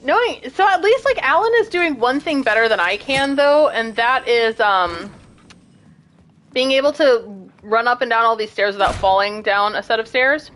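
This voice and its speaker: Brief: young woman gaming streamer, high and very animated, chatty, self-deprecating, squeals when excited. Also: normal speed. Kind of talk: casual gameplay commentary.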